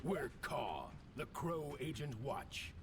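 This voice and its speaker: An actor playing a pompous male crow agent leader with a booming movie-trailer voice, giving commands in a game. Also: sing-song, slow, crowd noise, heavily acted. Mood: commanding. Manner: commanding, announcing.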